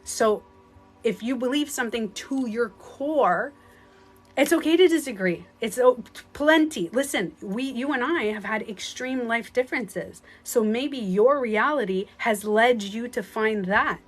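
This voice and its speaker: Woman life coach chatting live on her phone at home, earnest, rambly, quick laughs, faint music behind. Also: on the high side, animated. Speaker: spiritual life coach on a livestream. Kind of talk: casual livestream chat.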